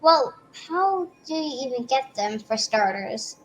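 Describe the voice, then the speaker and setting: High-voiced woman playing a tabletop game. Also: lively intonation, measured pace, a bit bright, a little hiss or hum, low-quality recording. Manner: describes her character's actions, questioning. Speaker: player.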